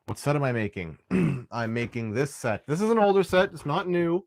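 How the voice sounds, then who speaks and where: A man's voice: on the high side, expressive, normal speed, dry recording, studio quality. Rambling man chatting while building. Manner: rambling, frequent restarts and throat clearing. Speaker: live stream host building Lego. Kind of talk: casual live stream chat.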